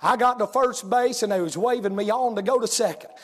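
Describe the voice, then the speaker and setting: High-voiced preacher, folksy and hollering. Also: male voice, brisk, big-room sound. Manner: folksy storytelling, rising to hollering. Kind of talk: sermon.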